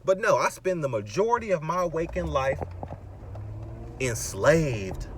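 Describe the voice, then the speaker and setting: A man's voice: a little high, big pitch swings, unhurried. A man in his thirties ranting in a rambling monologue while driving, his voice rising into exasperated outbursts. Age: 30s. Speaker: vlogger. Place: in a car, driving. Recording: car road noise in background.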